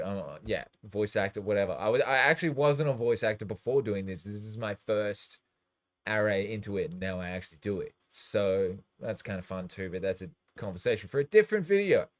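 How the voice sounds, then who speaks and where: A man's voice: lowish voice, normal speed. A man hosting a DJ livestream, chatting in a rambling, loose way and swearing casually. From Australia. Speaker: DJ and livestream host.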